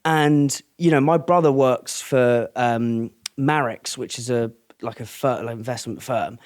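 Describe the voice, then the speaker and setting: A man's voice: medium pitch, unhurried. A man hosting a podcast, telling stories in a rambling, casual way, swearing freely and restarting his sentences often. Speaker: podcast host.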